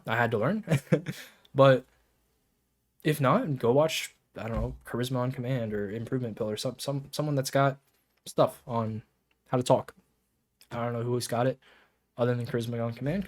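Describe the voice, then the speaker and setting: Man, game coach, casual to-camera talk, mid pitch, filler-heavy, grows emphatic. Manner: rambling with many fillers, grows lively and emphatic.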